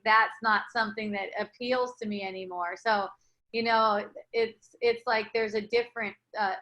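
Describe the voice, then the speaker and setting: Woman spiritual teacher, soothing and rambling, higher voice. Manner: gentle, reassuring, rambling with restarts. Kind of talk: casual spiritual dialogue.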